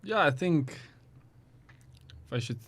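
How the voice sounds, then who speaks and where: A man's voice: on the high side, animated, slow pace, a bit bright. A young man, a guest athlete talking casually and hesitantly with many ums. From South Africa. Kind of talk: casual interview chat.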